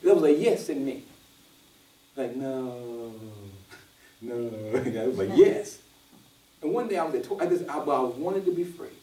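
A man's voice: fairly high pitch, slight background noise. A man preaching a conversational sermon to a responsive congregation, telling stories and acting out quoted voices in a casual dialect. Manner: animated storyteller who acts out quoted voices, casual dialect. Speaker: pastor. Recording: roomy church audio from a distance.

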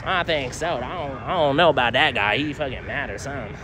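A man's voice: medium pitch, a little fast. A young man live-streaming from city streets on his phone as he walks, rambling in heavy slang and swearing a lot. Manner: rambling slangy talk, heavy swearing, frequent "I don't know, homie". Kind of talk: casual live-stream vlog. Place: outdoors on city streets and a train station. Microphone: phone held while walking. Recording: faint street noise from outside.

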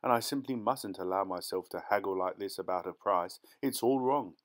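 A man's voice: sits low, normal speed, close to an everyday voice. A man voicing a fussy, ingratiating male antiques dealer posing as a parson, overly polite and wheedling.

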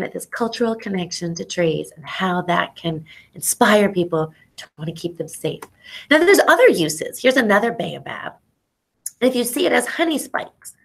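A middle-aged woman, an ethnobotanist, telling lively stories to students in an animated educational talk over a video call. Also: medium pitch, gravelly. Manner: animated storyteller, exclamations and acted-out quotes; casual, says y'all.

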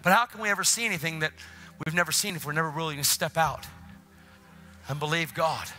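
A male preacher telling a lively story in his sermon and acting out the people in it. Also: fairly high pitch, fast, soft background music. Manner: animated, acts out voices. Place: church.

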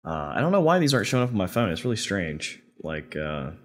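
A man hosting a casual gaming podcast, rambling and trailing off quietly as he reads listener mail. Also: low voice, big pitch swings, quick pace. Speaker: podcast host. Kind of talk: casual chat.

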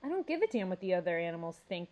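A woman's voice: medium pitch, lively intonation, moderate pace, dark tone, natural voice. A woman reading aloud as Joshua, a frustrated teenage boy who speaks bluntly and heatedly. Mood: angry. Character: angry frustrated teen boy carnivore student.

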